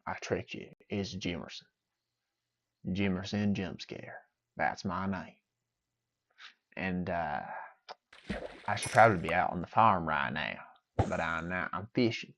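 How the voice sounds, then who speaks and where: A man's voice: sits low, measured pace, pauses often, fairly bright tone. A man voicing a quirky, rambling farmer character as a joke bit, recorded with dull lo-fi sound. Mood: goofy.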